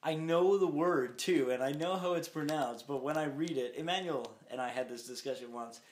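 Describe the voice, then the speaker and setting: A man's voice: fairly high pitch, normal speed. A young man co-hosting a podcast in casual chat, rambling and laughing often. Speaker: podcast co-host. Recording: echoey room, faint noise.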